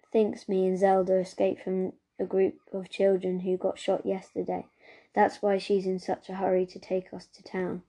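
A woman reads a novel aloud at a steady, unhurried storytelling pace. Her voice is warm and mellow, with little rise and fall. The narration stays even from line to line. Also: medium pitch. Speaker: reader.

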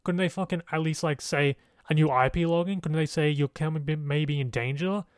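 In a dry, close recording with no room sound, a young podcast host rambles casually and curses freely. His voice runs a little high and a little fast, with a clear, resonant tone.

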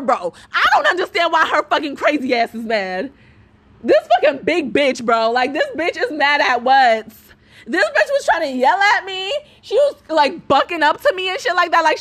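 A woman's voice: sits high, big pitch swings, brisk, fairly bright tone. A young woman hosting a podcast, telling a profane storytime rant and laughing through it. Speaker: podcast host. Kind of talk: ranting storytime monologue.

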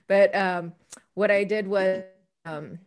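A woman's voice: mid-range voice, fairly even intonation, takes it slowly. Chatty Hawaiian woman co-host. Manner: chatty, laughs often, trails off with fillers. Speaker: podcast co-host. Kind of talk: casual chat.

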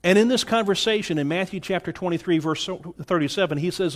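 A man's voice: high-pitched, fast talker, few pauses. A man teaching a Bible study lecture in an earnest way, often checking in with his listeners. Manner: earnest, checks in with "all right?".

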